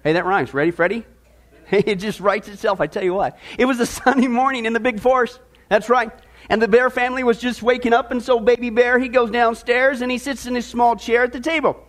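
High-voiced joking pastor. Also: male voice, steady tone, brisk, a bit bright. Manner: jokey, chatty, teasing the congregation. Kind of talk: sermon. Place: church service before a congregation.

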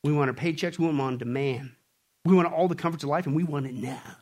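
A man preaching a sermon with jokes, swinging from loud to hushed and acting out voices. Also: a little high, quick pace. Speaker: pastor.

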